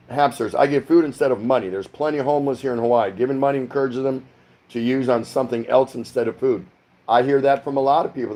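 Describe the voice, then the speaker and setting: A middle-aged man from the United States hosts a casual livestream from his home. He reads viewer comments aloud one after another and chats back with loose, rambling asides. His voice sits at an ordinary middle pitch. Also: warm tone. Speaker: livestream host. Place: home in the Philippines.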